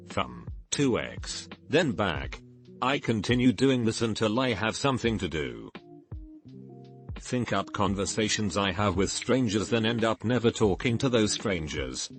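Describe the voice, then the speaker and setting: Male narrator, low register, steady scripted read, soft music underneath. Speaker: narrator reading online posts.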